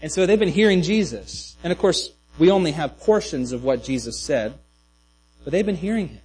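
A man's voice: fairly high pitch, expressive, normal speed, darkish tone, slightly rough, rough recording. A man preaching a sermon in a loose, conversational way, with many restarts and asides. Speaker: pastor.

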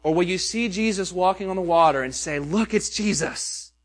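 A man's voice: sits high, moderate pace. A pastor preaching a sermon, earnest and questioning, with many rhetorical questions to his listeners.

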